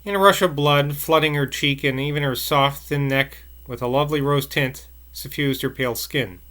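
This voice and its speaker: Male narrator reading a novel aloud; measured, bright, sharp. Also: fairly high pitch, steady tone. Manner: measured with small slips and asides.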